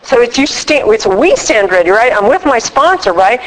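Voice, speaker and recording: Woman speaker for a recovery group, slightly high voice, chatty and jokey, restarts often. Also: normal speed, low-quality recording. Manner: lively and joking, acting out her own voice in quotes; loose and chatty, with many restarts. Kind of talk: talk to a live group.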